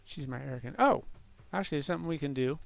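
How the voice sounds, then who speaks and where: A man's voice: a little high, rapid-fire, gravelly. A man rambling through gameplay commentary, talking to himself, mocking his own mistakes and swearing at the game. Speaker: game streamer.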